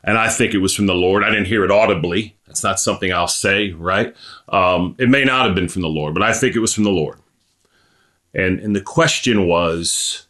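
A man in his forties, possibly from Texas, praying and then preaching in a halting way, repeating words and piling on fillers before turning emphatic. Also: low-pitched, fairly bright tone. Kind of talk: prayer and sermon.

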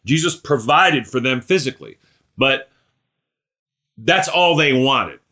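Emphatic preacher, bright voice. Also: male voice, mid-range voice, expressive, a little slow. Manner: swings from loud emphatic lines to hushed, mumbled asides. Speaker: pastor. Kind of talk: sermon.

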